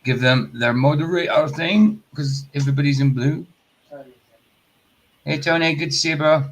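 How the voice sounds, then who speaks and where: A man's voice: fairly high pitch, moderate pace, low-quality recording. A man hosting a live stream, chatting casually, swearing lightly and greeting viewers by name. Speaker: livestream host.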